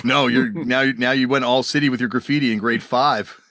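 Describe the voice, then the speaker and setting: A man hosting a casual interview podcast, playful and quick to laugh. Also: mid-range voice, steady tone, bright, forceful tone, no echo, clean studio sound. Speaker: podcast host.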